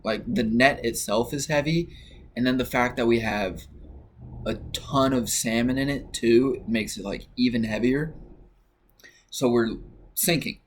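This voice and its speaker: A young man recounts a story in a loose, easygoing way. He rambles and leans on filler words as he goes. His voice sits at an ordinary middle pitch. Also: a little hiss or hum. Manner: relaxed, rambling with many fillers. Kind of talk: casual personal story.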